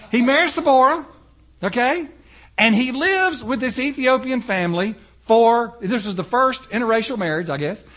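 A man's voice: sits high, a bit bright. A male preacher retelling a Bible story in a folksy, conversational sermon, talking straight to the congregation.

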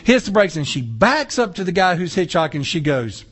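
A man delivers a sermon from the pulpit. His voice sits high for a man, and he keeps things animated with rhetorical questions and offhand remarks to the congregation. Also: fairly quick, slightly rough. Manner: animated preaching with casual asides and rhetorical questions. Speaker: pastor. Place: church sanctuary.

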